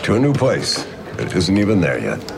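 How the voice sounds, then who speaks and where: A man's voice: low-pitched, sing-song, moderate pace, vocal fry, noisy background, heavily acted. An actor playing a frantic middle-aged radio host who babbles and repeats words over and over to cure an infected woman, in a film clip. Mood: cool deadpan. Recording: film audio with loud score.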